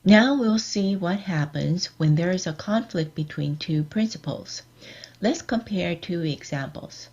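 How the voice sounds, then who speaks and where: Woman reading out a lecture slow and careful, lowish voice, kinda muffled lo-fi sound. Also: darkish tone, breathy edge. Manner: measured, deliberate reading of examples. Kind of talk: scripted online lecture. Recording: dull lo-fi recording.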